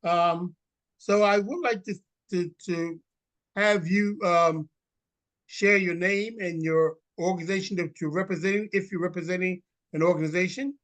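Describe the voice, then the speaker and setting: A man hosting an online meeting and calling on people, halting with fillers and restarts. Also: high-pitched, fairly even intonation, a bit bright. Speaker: meeting host. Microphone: video call.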